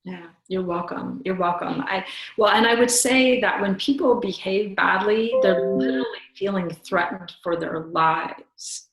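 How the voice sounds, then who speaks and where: A woman's voice: medium pitch, a little slow, faint music behind. A middle-aged woman telling personal stories as a podcast guest, earnest and reflective, often restarting her sentences. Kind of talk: personal storytelling in conversation. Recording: roomy echo.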